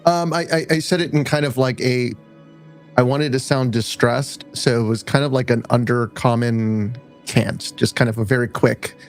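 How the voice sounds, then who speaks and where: A man playing a tabletop game over an online call, describing his character's moves. His pitch is middling, and he rambles with many fillers and restarts. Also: fairly even intonation, normal speed, faint music behind. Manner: rambling, many fillers, acts out lines in a high voice. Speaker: player.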